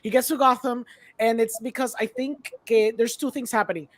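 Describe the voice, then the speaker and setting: A woman's voice: a little high, brisk. A Puerto Rican woman co-hosting a podcast, casually retelling a movie scene by scene and acting out the characters' lines, with bits of Spanish. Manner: relaxed recap, slips into Spanish, acts out lines. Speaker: podcast co-host. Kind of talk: casual movie recap chat.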